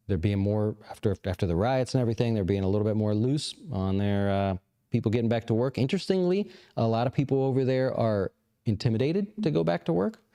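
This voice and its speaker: A middle-aged man speaks at a low pitch with a dark, mellow tone. He hosts a casual livestream and answers viewer questions, thinking aloud in a loose, rambling way full of fillers and restarts. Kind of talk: casual live chat about investing.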